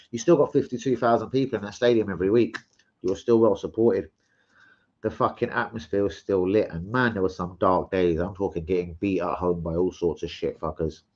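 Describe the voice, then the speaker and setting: A man hosting a casual live stream, swearing freely, rambling and giving loud shout-outs to chat. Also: on the low side. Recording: slightly muffled stream audio.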